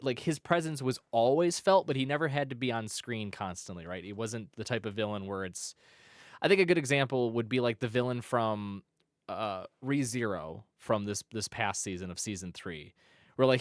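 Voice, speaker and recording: A man's voice: medium pitch, lively intonation, moderate pace, no echo, clean studio sound. A man co-hosting a casual anime podcast, rambling with many restarts and fillers. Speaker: podcast co-host. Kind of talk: casual chat.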